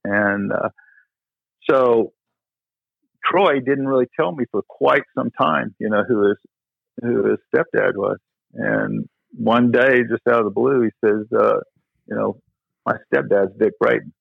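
A man's voice: fairly low pitch, measured pace, creaky, pauses often, breathy edge, no room sound. A middle-aged man, a tennis pro, tells stories in a casual interview, rambling with lots of "you know" and restarts. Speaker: tennis pro, podcast guest. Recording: dry, tinny phone-like line.

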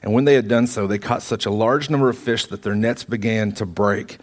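A man's voice: on the low side, steady tone, fairly quick. A man preaching a sermon, retelling a story with vivid, emphatic repetition.

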